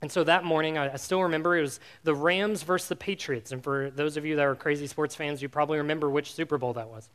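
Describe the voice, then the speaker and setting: High-voiced man preaching to youth. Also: steady tone, fast, few pauses, fairly bright tone. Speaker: youth pastor. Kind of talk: youth sermon with a personal story.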